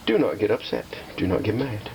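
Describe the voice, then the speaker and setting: A man vlogging while restoring a slot machine, chatty and self-deprecating, talking to viewers and repeating calming phrases to keep himself from getting mad. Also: fairly low pitch, a little fast, gravelly, background noise. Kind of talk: casual workshop vlog.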